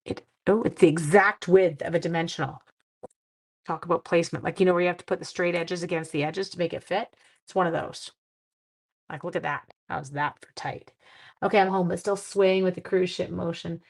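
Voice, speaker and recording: A middle-aged woman from Canada chats playfully through a card-making livestream, her low voice gravelly and a little husky. She sounds tired but keeps talking to her viewers as she works. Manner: playful, chatty, talks to viewers while working. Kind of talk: casual crafting livestream chat.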